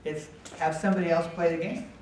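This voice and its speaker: A man explaining positive coaching to an audience in a calm, patient way, with frequent pauses and ums. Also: a little high, a little hiss or hum. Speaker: speaker at a coaching workshop. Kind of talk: talk with audience Q&A. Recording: echoey hall, far from the mic.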